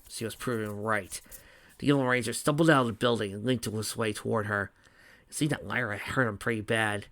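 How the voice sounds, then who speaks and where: A man reading fan fiction aloud in a steady voice, with small slips and restarts. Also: mid-range voice, no room sound. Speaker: reader.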